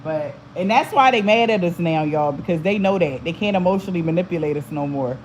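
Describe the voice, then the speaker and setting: A woman's voice: lowish voice, quick pace, slight background noise, low-quality recording. Blunt, laughing woman chatting to viewers. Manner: blunt, profane, laughs often. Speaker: spiritual channel host. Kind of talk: casual chat to viewers.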